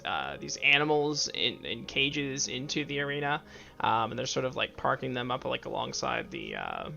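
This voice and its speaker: A man narrating a tabletop game as game master, halting and full of fillers and restarts, with slightly dull sound and faint music behind. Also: medium pitch, gravelly, pushed and bright.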